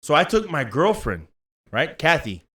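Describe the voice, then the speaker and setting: A man's voice: on the high side, very animated, unhurried, a bit bright. A man, telling a story in casual chat, acting out the voices and swearing freely. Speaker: co-host.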